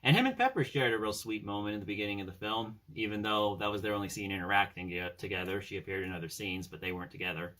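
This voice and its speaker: A man's voice: on the low side, quick pace, few pauses, sharp tone. A man casually chatting about his favorite films as a fan, rambling with fillers and retelling scenes. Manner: rambling, with many fillers and "he's all like" retellings. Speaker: fan film commentator. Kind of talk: casual fan movie discussion.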